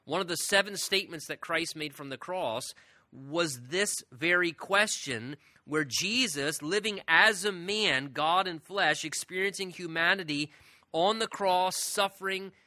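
A man's voice: sits high, a little slow, sharp tone, dry recording, studio quality. A man preaching a sermon in an earnest manner, leaning hard on key words as he explains a passage. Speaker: pastor.

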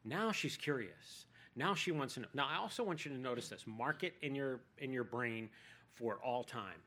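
A man's voice: mid-range voice, animated, normal speed, sharp tone. A man preaching a sermon in a conversational way, with jokey asides.

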